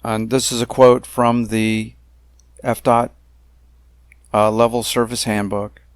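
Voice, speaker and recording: A man narrating a slideshow about a dispute, talking in a deliberate, emphatic way with frequent pauses and fillers. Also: mid-range voice, little pitch movement, clean tone, no room sound, studio quality. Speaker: narrator of a self-made video complaint series.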